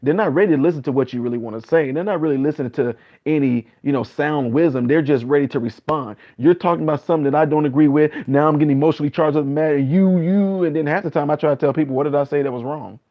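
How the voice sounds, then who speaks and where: A man's voice: quick pace, hardly any pauses, lo-fi sound. A man in his late thirties talking casually on a live stream, reading out viewer comments and earnestly repeating his points. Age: 30s. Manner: earnest, repetitive, acts out other people's replies in a higher voice.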